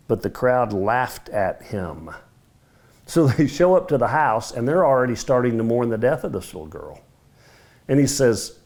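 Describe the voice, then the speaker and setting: A middle-aged man teaching a Bible study, telling the story vividly and acting out the dialogue, his voice swinging between loud and hushed. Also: mid-range voice, expressive, normal speed. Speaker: men's ministry Bible teacher.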